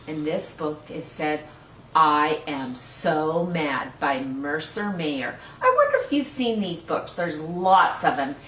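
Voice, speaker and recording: Brief woman storytime host, lower voice, slow and singsong, recorded from a distance. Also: a little hiss or hum. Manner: gentle, coaxing, asks the listener questions. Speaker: storytime host reading to young children. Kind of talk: children's storytime, talking straight to kids. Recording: echoey room, voice from off the mic.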